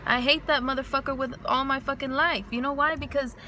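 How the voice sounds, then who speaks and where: A woman's voice: high voice, steady tone, fairly quick, bright, forceful tone, a little hiss or hum. Frank, rambling young woman venting in a car. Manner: frank, rambling, heavy swearing. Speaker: vlogger. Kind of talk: casual venting monologue. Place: inside a parked car.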